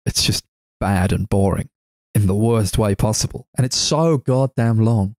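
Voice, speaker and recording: A man co-hosting a casual movie review chat, ranting, swearing and laughing, his voice jumping high when exasperated. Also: moderate pace, darkish tone, no room sound, clean studio sound. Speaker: podcast co-host.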